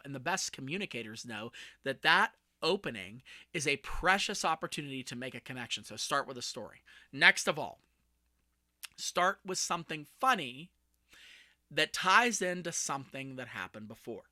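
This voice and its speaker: A man in his forties, a communication coach hosting his own podcast, talking solo with lively energy and self-deprecating jokes. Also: fairly high pitch, no echo, studio quality.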